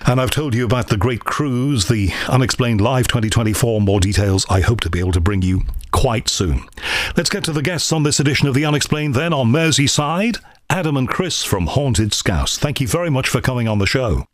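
A man's voice: mid-range voice, brisk, no echo. Male podcast host from Liverpool, light Liverpool accent; easygoing, self-mocking delivery, dead-dry close mic. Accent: faded Liverpool. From Liverpool, England. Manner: rambling, reflective, self-deprecating. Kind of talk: casual monologue and interview.

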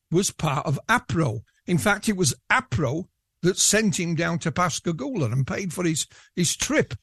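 A man's voice: fairly high pitch, fairly bright tone, no room sound. Yorkshire man with a dry close sound. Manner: rambling, with many restarts. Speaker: guest researcher. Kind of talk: casual interview chat.

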